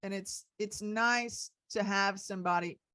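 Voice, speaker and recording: A woman's voice: mid-range voice, fairly even intonation, unhurried, bright, forceful tone, dry recording. A woman hosting a casual podcast chat, rambling with lots of "you know" and "um.". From Texas. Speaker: host.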